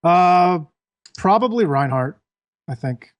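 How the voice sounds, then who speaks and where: A man guesting on a gaming podcast, talking in a relaxed way with many restarts. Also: high voice, slow pace. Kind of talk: casual gaming chat.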